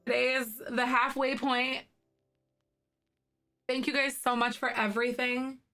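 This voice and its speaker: A woman in her thirties chatting with her live viewers from a home streaming setup, her voice slightly hoarse with morning throat. She talks in a bubbly, rambling way and giggles often, in a bright, rather high voice. Soft music plays faintly behind her. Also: level tone, unhurried. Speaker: livestreamer. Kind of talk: casual chat with live viewers.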